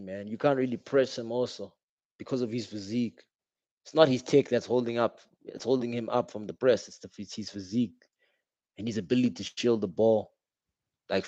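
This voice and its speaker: A man's voice: mid-range voice, no room sound. Slangy man reacting to football. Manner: casual, slangy, reacts loudly to referee calls. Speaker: football watch-along streamer. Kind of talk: live match reaction commentary. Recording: dull, dry home stream audio.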